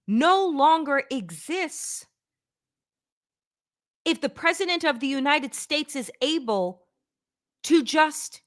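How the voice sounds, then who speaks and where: A woman's voice: high-pitched, sharp tone. A woman hosting a political talk show, delivering blunt, emphatic commentary with sarcastic asides and swearing.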